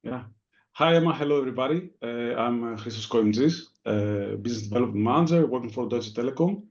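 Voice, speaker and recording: A man speaks as a panelist in an online discussion. He is courteous and hesitant, pausing often on fillers. His audio sounds dull and muffled. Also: medium pitch, a little mellow.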